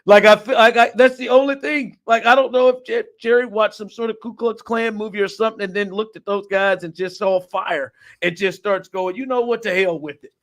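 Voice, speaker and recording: A man hosting a casual sports talk show, animated and incredulous, laughing often and packing his talk with fillers. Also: sits high, brisk, few pauses. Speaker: podcast host.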